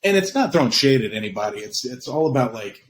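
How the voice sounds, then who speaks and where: A man's voice: mid-range voice, big pitch swings, quick pace, a little hiss or hum, low-quality recording. A man speaking as a guest on a casual interview, reflective and self-deprecating, laughing at himself. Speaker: guest, comedian and actor.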